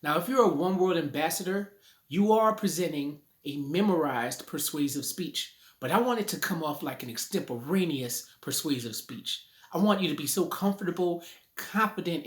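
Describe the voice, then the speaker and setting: A man giving a casual video lesson on public speaking from his living room, recorded on a phone in selfie mode, talking conversationally and playing with rhymes. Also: on the high side. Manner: playful, conversational, rhyming catchphrases.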